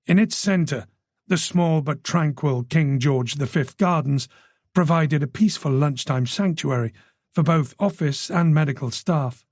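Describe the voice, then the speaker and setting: A man reading a thriller audiobook in measured, scripted narration. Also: on the high side, no room sound, studio quality. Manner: measured, even storytelling.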